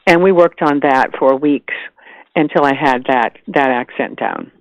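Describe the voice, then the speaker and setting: An older woman from the American South, an actress chatting as a guest in an animated way, with frequent restarts. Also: very deep voice, unhurried, dry recording, low-quality recording. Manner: animated, chatty, laughs easily, many restarts. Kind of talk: casual interview chat.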